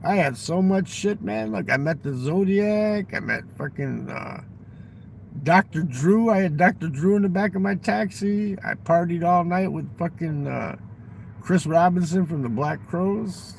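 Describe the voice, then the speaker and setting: Gravelly older man telling rambling stories. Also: high voice, a little slow, slight background noise, rough recording. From United States. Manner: profane, rambling, boastful anecdotes. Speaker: livestream guest telling stories. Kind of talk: rambling storytelling. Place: fast-food restaurant.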